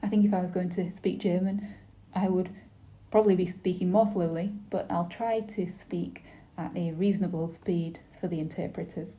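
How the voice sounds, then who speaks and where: A woman giving a simultaneous interpretation of a webinar panel, speaking in a measured, formal way with brief pauses and restarts. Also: lowish voice, steady tone, mellow.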